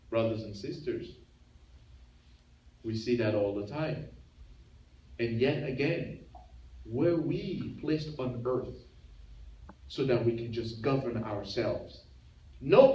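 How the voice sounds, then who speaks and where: A man's voice: medium pitch, darkish tone. A man, an imam giving a Friday sermon, preaching with rhetorical questions and acting out the boasts of proud rulers. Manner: impassioned, rhetorical questions, acts out the tyrants' boasts. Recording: roomy, muffled, mic at a distance.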